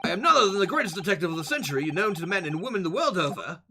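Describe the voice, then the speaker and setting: A man's voice: high voice, very animated, racing, gravelly, pushed and bright, a little hiss or hum, exaggerated voice. A man putting on a grandiose British detective. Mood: pompous. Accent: put-on British. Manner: grandiose, theatrical. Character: pompous eccentric male British detective.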